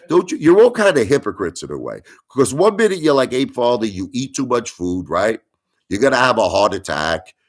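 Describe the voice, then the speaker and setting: Man, middle-aged, very low voice, indignant livestream rant, repetitive, pleading. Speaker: livestream host. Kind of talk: ranting livestream monologue.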